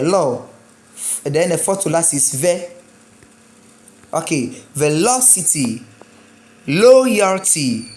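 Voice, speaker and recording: A woman's voice: sits low, darkish tone. A woman teaching an exam-prep lesson, chanting suffixes in a singsong and drilling word lists. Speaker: English teacher.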